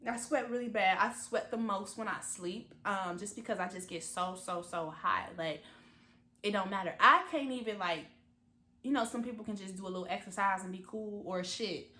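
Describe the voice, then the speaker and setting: Bright-voiced young woman, close to tears. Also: mid-range voice, echoey room. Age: 20s. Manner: candid, emotional, halting with many fillers. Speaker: vlogger. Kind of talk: personal confessional vlog.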